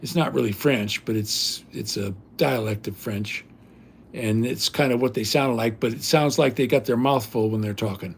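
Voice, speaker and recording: A man's voice: medium pitch, normal speed, gravelly, slight background noise. An older man hosting a livestream, telling rambling stories in a blunt, casual way with salty language. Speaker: livestream host.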